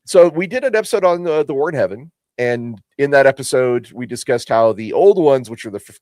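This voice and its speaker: A man's voice: medium pitch, no echo, studio quality. A man hosting a casual livestream, talking through game lore with frequent restarts and reading viewer comments. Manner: halting, repeats words, reads chat aloud. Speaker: host.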